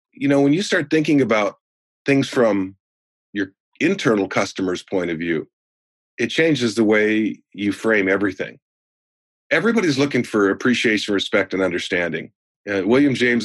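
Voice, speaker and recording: With a lowish, breathy voice and no echo, a man in his sixties relates folksy tales in conversation. He's a sales trainer appearing as a guest, and he livens up as the anecdotes unfold.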